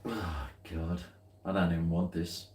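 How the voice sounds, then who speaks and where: Slow, low-voiced Australian man, rambling. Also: fairly even intonation, a little mellow, reverberant. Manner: rambling, dry, muttered asides. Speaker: beer-tasting vlogger. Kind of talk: casual chat while tasting beer.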